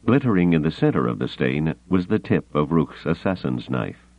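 A man narrating a novel as an audiobook, reading dramatically with measured pauses. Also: rumbling low, sing-song, dry recording. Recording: tinny phone-like audio.

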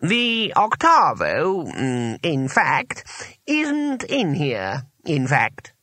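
A man voicing a pompous old male wizard teacher, speaking slowly and haughtily. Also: high-pitched, huge pitch swings, sharp tone, no room sound, pitched above the performer's own voice, full character voice. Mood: reluctant. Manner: haughty, slow and droning.

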